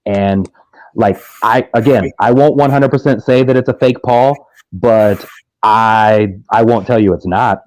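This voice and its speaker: A man with a low voice leans into his points with emphatic, swearing asides and a conspiratorial edge. The recording is dry, with almost no room sound. He speaks in a casual live-stream chat. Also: unhurried, darkish tone, dry recording, low-quality recording.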